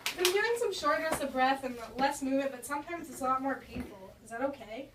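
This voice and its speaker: Teen girl as complaining pregnant patient, school skit, high voice, echoey room. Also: expressive, fast talker. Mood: whiny. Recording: echoey far-off camera audio with noise.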